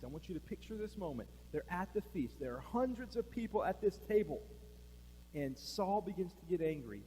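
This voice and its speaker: A man's voice: a little high, darkish tone. Male pastor, storytelling sermon, conversational, asks the room questions, long hall reverb, faint hum. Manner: storytelling, acts out quoted lines. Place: church sanctuary.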